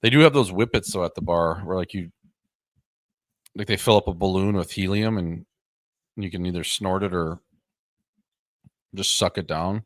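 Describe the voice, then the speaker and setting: A man's voice: low voice, normal speed, long pauses, no echo. A young man co-hosting a podcast, chatting casually and rambling with lots of fillers. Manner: rambling, profane, joking. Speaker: podcast co-host. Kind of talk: casual chat.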